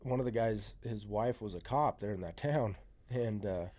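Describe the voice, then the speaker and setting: A man's voice: lowish voice, moderate pace. Man, casual podcast storyteller; rambling, profane, many fillers. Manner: gets loud and excited at the climax.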